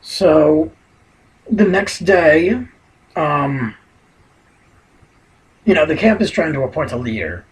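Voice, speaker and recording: A man's voice: a little high, lively intonation, slow pace, pauses often, low-quality recording. A man giving a casual spoken recap of a TV episode, rambling and leaning heavily on "you know" fillers. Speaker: TV episode reviewer.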